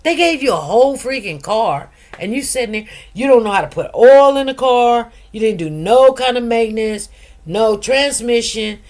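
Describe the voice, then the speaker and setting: A woman's voice: on the high side, animated, normal speed, a little mellow. A middle-aged woman, hosting a casual livestream and talking straight to her listeners with lots of emphatic asides. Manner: chatty, emphatic, addresses listeners directly with frequent asides. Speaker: livestream host.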